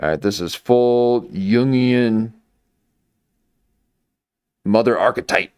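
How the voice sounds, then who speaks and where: A man's voice: mid-range voice, slow, darkish tone, smooth, no echo. A man giving rambling, mocking live-stream commentary into a desk microphone. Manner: mocking, meandering, full of restarts.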